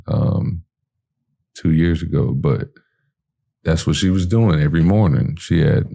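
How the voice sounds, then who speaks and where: A man's voice: a bass voice, creaky. A man from telling a personal story in a casual way, acting out the lines of the people in it and using lots of fillers. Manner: animated storyteller who acts out his own and others' lines with fillers.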